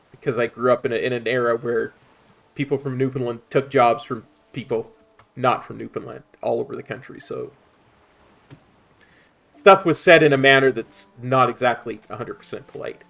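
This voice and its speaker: A man's voice: mid-range voice, steady tone, normal speed, creaky, long pauses, fairly bright tone. A middle-aged man with a Canadian accent, chatting casually as a streamer while he plays a game. He talks in a rambling way and often repeats words as he searches for his point. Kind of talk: casual chat while gaming.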